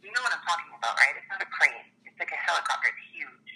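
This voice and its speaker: A woman's voice: low voice, big pitch swings, fast, bright, forceful tone, low-quality recording. A woman telling a story in casual chat, chatty and laughing often. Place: small town.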